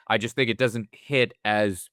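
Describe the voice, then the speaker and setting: A man's voice: fairly low pitch, fairly even intonation, unhurried, fairly bright tone, no room sound, clean studio sound. A man co-hosting a movie podcast, chatting casually and rambling, often acting out imagined lines from other people. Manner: rambling, acts out imagined quotes in voices. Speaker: podcast co-host. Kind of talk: casual film discussion.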